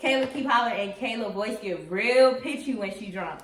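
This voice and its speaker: A young woman casually telling a story at home, animated and laughing, acting out what others said. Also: fairly high pitch, fairly quick, distant mic. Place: room at home while getting her hair done. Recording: roomy, off-mic, faint hiss.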